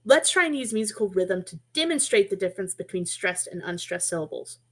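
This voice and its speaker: Woman, mid-pitched voice, webinar teacher, friendly and explanatory, casual asides, computer mic. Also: animated, brisk. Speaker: webinar presenter teaching poetry through music. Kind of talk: online teaching presentation.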